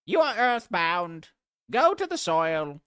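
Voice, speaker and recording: A vain, high-pitched butterfly, as a man puts him on that sneers and shouts insults down at a caterpillar. The pitch leaps around wildly, and the dry, close sound keeps every barb sharp. It is a mocking put-on voice from a livestream. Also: big pitch swings, slow, smooth, dry recording, exaggerated voice. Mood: sneering. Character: haughty male butterfly taunting a caterpillar.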